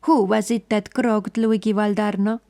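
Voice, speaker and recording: A woman doing a hoarse, leering gangster. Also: medium pitch, flat delivery, normal speed, dark tone, natural voice. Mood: menacing. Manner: leering, roaring threats. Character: big menacing Italian gangster man.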